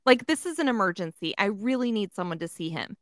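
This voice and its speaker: Bright-voiced swearing woman telling a story. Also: medium pitch, very animated, quick pace, no echo, studio quality. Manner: swears a lot, fills with "like", acts out voices. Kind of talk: casual chat.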